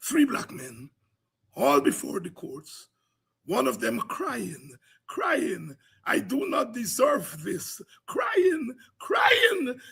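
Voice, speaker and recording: Hosting a political commentary show, this Guyanese man speaks with the fervent rhythm of a preacher, rising to cries and shouts. His voice is creaky and extremely high-pitched.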